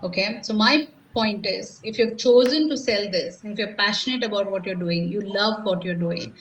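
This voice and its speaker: A woman's voice: mid-range voice, normal speed, slight background noise. A middle-aged woman with an Indian accent, giving a live motivational sales seminar and firing rhetorical questions at the audience. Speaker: sales coach. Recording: echoey room, distant mic, faint ambience.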